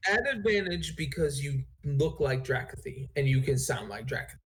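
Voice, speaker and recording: Game master, casual and self-correcting, lively pitch. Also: moderate pace. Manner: rambling, self-correcting narration. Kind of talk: narrating a tabletop game.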